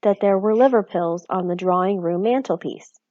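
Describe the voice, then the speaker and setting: A woman's voice: medium pitch, moderate pace, dark tone, dry recording, dull audio, natural voice. A woman reading aloud and voicing a weary, plain-spoken tiny middle-aged father who talks in a tired, rustic way.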